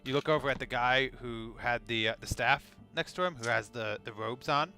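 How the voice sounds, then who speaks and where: A man narrating as game master in a halting way, full of fillers and restarts. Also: mid-range voice, gravelly, sharp tone, faint music behind.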